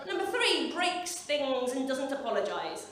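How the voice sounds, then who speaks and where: High-voiced woman doing stand-up. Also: sharp tone, a little hiss or hum. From English Midlands. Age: 40s. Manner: chatty, wry and sweary, with self-deprecating asides. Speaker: stand-up comedian. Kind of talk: stand-up comedy set. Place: comedy club stage. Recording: echoey club with a laughing crowd.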